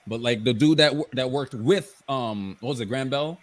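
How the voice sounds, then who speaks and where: A man's voice: mid-range voice, moderate pace, no room sound. A man co-hosting a casual podcast, ranting heatedly and swearing often. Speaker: podcast co-host.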